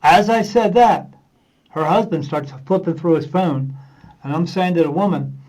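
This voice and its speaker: Higher-voiced man telling rambling anecdotes. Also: moderate pace, darkish tone, poor audio. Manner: rambling anecdotes, acting out dialogue with many uh fillers. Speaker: medium, podcast guest. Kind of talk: casual storytelling in a podcast interview.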